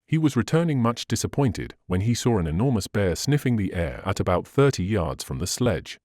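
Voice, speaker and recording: A man narrating a classic adventure novel as an audiobook reader, in an expressive, measured way. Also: fairly low pitch, dry recording, studio quality. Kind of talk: scripted narration.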